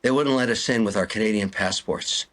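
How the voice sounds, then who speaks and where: A man's voice: fairly low pitch, a little fast, a bit bright. An older man ranting in an interview, exasperated and pleading, repeating himself. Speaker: interview guest. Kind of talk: heated interview rant.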